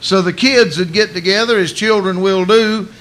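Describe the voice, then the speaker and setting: Bright-voiced folksy male preacher. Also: sits high, normal speed. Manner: folksy storytelling, colloquial asides. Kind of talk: sermon.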